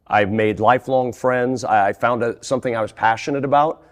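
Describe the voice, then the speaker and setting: A man's voice: medium pitch, fairly quick. Middle-aged guy, sportscaster guest, laughs his way thru stories, keeps restarting sentences. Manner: animated, laughs through anecdotes, frequent restarts. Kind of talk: interview storytelling.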